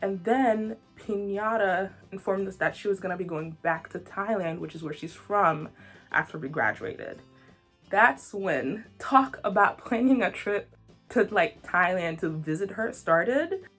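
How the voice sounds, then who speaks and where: A young woman in her twenties tells a story to camera in an animated, joking way, her pitch leaping around. Her voice has a husky, slightly breathy edge. Soft music plays behind her. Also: unhurried. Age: 20s. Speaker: vlogger.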